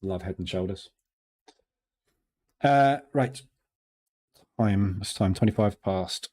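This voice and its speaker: A man's voice: mid-range voice, measured pace, long pauses, mellow. A British man hosting a live trading stream, chatting and joking in a digressive way.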